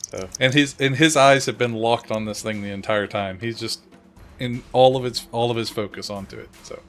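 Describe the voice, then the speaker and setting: A man's voice: mid-range voice, normal speed, faint music behind. A man playing a tabletop role-playing game, talking in a rambling, hesitant way with many fillers. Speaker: player. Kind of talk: casual tabletop play.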